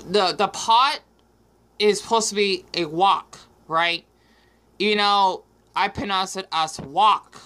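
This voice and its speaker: A man's voice: high-pitched, pushed and bright. A young man talks on his own for a casual vlog. His delivery wanders and stalls on ums, and he keeps tacking on little questions. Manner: rambling and hesitant, many ums and tag questions. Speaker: vlogger.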